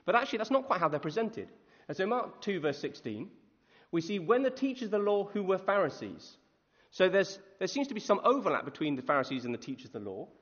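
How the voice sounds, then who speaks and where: A male preacher gives a chatty, animated sermon and keeps asking his listeners questions. His voice sits a little high, with a slightly husky edge and lively rises and falls. The sound is dull and lo-fi, with a long echo from a church hall. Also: fast. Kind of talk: conversational sermon.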